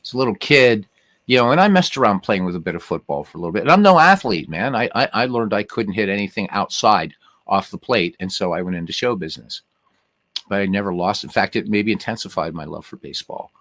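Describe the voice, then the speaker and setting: A man's voice: fairly low pitch, expressive, fast, a bit bright, dry recording. A middle-aged man hosting a livestream in a casual, rambling way, with many restarts and "you know" fillers. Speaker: livestream host. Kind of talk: casual chat.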